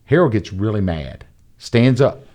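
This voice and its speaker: A man, a guest on a podcast, telling a personal story in a casual, animated way and acting out the dialogue. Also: fairly low pitch, measured pace. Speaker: podcast guest, entrepreneur and mentor.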